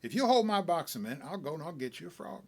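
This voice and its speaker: A man puts on a frontier gambler who drawls with easy, careless pride, his folksy talk rising and dipping in a lively sing-song. The voice sits a little high for a man. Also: fast talker.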